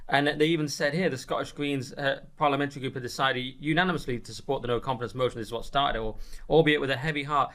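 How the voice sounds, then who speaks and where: A man hosting a political podcast from a studio, with brisk, wry, casual delivery. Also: mid-range voice, fairly even intonation, fairly bright tone. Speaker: podcast host.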